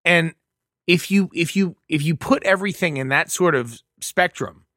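A man co-hosting a casual podcast chat, who speaks in a halting, musing way with frequent restarts. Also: fairly high pitch, sharp tone, no room sound, clean studio sound. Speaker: podcast co-host.

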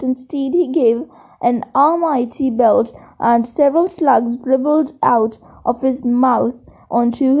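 Slow high-voiced woman reading a storybook. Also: highs cut off. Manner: steady reading with occasional slips and restarts. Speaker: reader. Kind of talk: audiobook reading.

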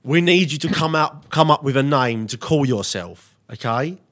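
A man's voice: fairly high pitch, expressive, normal speed, a bit bright. A young man chatting casually as a podcast co-host, laughing often and swearing freely.

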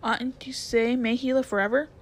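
A woman's voice: fairly high pitch, moderate pace, darkish tone, lightly acted. A woman voicing an eager, timid young boy in a storybook read-aloud, polite and a little breathless. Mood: shocked.

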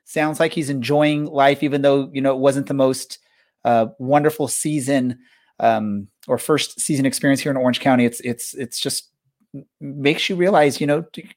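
A man hosting a soccer podcast, talking in an easygoing, rambling way. His voice sits at a middle pitch, and he often restarts his sentences and fills the gaps with "uh" and "you know.". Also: fairly even intonation, normal speed. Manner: rambling, with many fillers and restarts. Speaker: podcast host. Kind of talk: casual chat.

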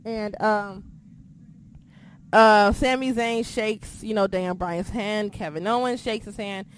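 A woman co-hosting a casual chat, excitable and swearing freely, sometimes losing her train of thought. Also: mid-range voice, takes it slowly, a little hiss or hum. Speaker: podcast co-host.

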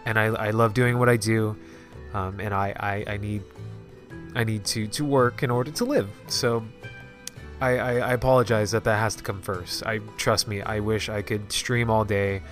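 A man's voice: lowish voice, fairly even intonation, fairly bright tone, soft background music. Stuffy-nosed man hosting a solo podcast. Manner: halting, many fillers and restarts. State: stuffy nose. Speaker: podcast host. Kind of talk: casual solo podcast talk.

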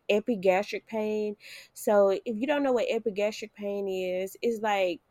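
A young woman telling her birth story casually, with lively, expressive delivery that jumps up high when she quotes herself. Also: dry recording, studio quality.

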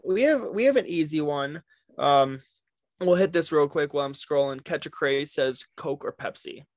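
A man's voice: on the high side, animated, moderate pace, dry recording, clean studio sound. A man co-hosting a podcast, chatting casually and laughing at his own attempts. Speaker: podcast co-host. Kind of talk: casual chat. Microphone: podcast microphone.

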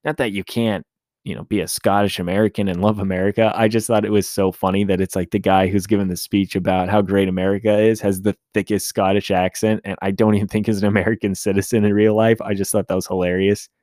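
Chatty low-voiced man reviewing movies. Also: little pitch movement, quick pace, darkish tone, no echo, studio quality. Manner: chatty, rambling, self-correcting. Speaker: movie review podcast host. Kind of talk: casual solo movie talk.

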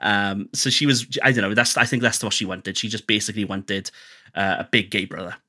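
A man's voice: on the low side, fairly even intonation, a little fast, bright, forceful tone. A man, a podcast guest, telling candid personal stories in a chatty, self-deprecating way, often restarting his sentences. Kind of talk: candid storytelling conversation.

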